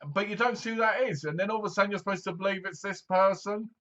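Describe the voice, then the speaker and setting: A man talks through a film review in a loose, rambling way, with plenty of fillers. His voice sits a little high and sounds sharp and bright. The recording is dull and lo-fi. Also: fairly even intonation, fast. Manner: rambling, chatty, full of fillers. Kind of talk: casual movie review.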